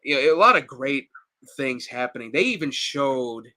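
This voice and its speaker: A man's voice: medium pitch, animated, normal speed, bright, forceful tone. A man co-hosting a podcast, chatting casually and animatedly, laughing often and acting out quotes. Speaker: podcast co-host. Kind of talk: casual chat.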